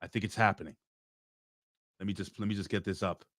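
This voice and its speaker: A male host talks in a deep, low voice, spinning wild stories with plenty of cursing. He also slips into booming announcer-style introductions, and the sound is dry and close. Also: a little fast, no room sound. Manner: excitable, profane storytelling with hype announcer intros. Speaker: podcast host. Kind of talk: casual chat.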